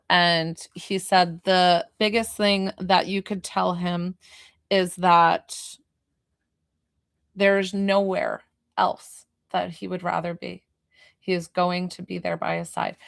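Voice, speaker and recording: A woman's voice: fairly low pitch, gravelly, a bit bright, no room sound, studio quality. A woman working as a spiritual medium, giving a chatty, emotional reading on a live stream and laughing often.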